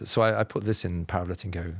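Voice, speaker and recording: A man from England with a southern, BBC-style received pronunciation accent, telling personal stories as a podcast guest in a measured, explanatory way with self-deprecating humour. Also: sits low, steady tone, no room sound. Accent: Southern English, BBC-style received pronunciation. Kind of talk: reflective personal storytelling.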